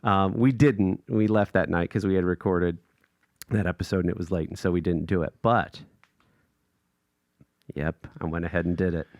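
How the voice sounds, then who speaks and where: A man's voice: sits low, moderate pace, long pauses, no room sound, clean studio sound. A man co-hosting a podcast, telling a casual story with lots of laughter and acted-out quotes. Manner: animated, laughs often, acts out quotes in raised voices. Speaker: podcast co-host.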